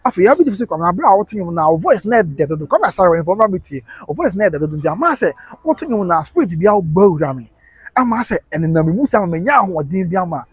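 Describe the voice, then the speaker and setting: Hosting a live stream, this Ghanaian-accented man talks rapid-fire in a high, husky voice with big pitch swings, captured in a dry recording. He mixes English and Twi while reading comments from viewers, laughing a lot and bursting into bits of song.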